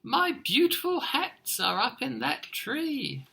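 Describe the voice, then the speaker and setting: Guy doing a fussy cross storybook lady, shrill and high, bit gravelly, big swoops. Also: sing-song, slow pace, full character voice. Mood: dismayed. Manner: shrill, exaggerated storybook shouting. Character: cross, fussy woman who loves her hats.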